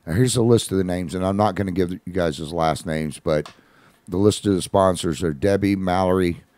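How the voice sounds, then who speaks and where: Deep-voiced man telling a story on radio. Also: normal speed, no echo. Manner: folksy, conversational, animated retelling with quoted voices. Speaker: radio host. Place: studio.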